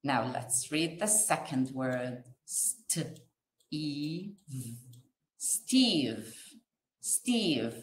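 Slow, lilting kindergarten teacher, a woman. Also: low voice, sing-song, reverberant, slight background noise. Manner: slow, sing-song sounding out of letters for small children. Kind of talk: classroom phonics lesson.

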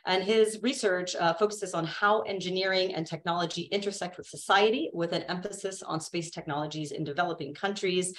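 A woman's voice: on the low side, brisk, few pauses, slight background noise. A woman moderating a webinar, introducing presenters with a friendly, filler-laden manner.

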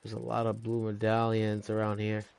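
A man giving casual let's-play commentary on a horror game, excitable, swearing and joking with his viewers. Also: on the low side, normal speed, vocal fry, smooth. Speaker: gaming YouTuber.

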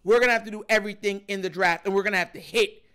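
A man hosting a sports show, ranting in animated, filler-heavy commentary about his team. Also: high-pitched, very fast, smooth. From Jamaican family.

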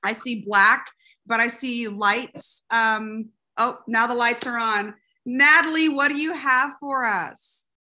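A woman gushing excitedly as she introduces a guest on a video call. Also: fairly high pitch, slow. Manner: gushing, excited, says y'all. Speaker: meeting co-host. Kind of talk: casual introduction.

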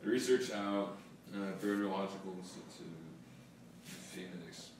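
Male co-host, somewhat low voice, relaxed slang, distant mic in a roomy space with faint ambience. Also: normal speed, a little hiss or hum. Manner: laid-back slangy talk. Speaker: podcast co-host. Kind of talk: casual chat. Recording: distant mic in a very echoey room.

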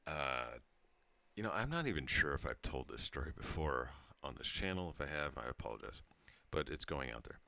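A man's voice: a bass voice, sing-song, fairly quick, creaky, pushed and bright. A tipsy man in his thirties telling a rambling story to his channel, laughing and breaking off mid-sentence. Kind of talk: casual storytelling monologue.

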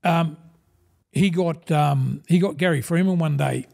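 An Australian man in his sixties, a former rugby league forward, guests on a podcast interview, casually telling rambling, blokey stories and calling everyone "mate". His voice is on the high side, creaky and a little mellow, and he talks a bit slowly.

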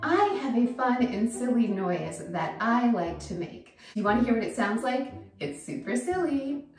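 A woman's voice: fairly high pitch, animated, moderate pace. A woman hosting a children's activity show, talking upbeat and directly to kids. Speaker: host. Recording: distant echoey room with faint music.

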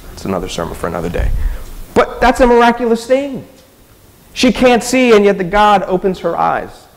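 In a church sanctuary, a man with a medium-pitched voice delivers a sermon in a conversational style, frequently putting rhetorical questions to his listeners. A long reverb tail trails his words.

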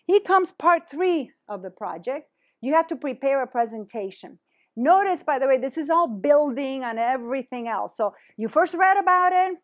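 Animated woman presenting a teaching workshop. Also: sits high. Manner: animated, switches into Spanish phrases. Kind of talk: teacher training talk.

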